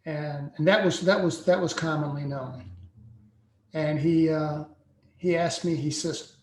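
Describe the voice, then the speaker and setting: A man in his sixties, a podcast guest telling a personal story slowly and deliberately, with frequent pauses. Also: fairly high pitch, fairly even intonation, a little mellow. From United States. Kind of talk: personal account in a podcast interview. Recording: echoey room sound.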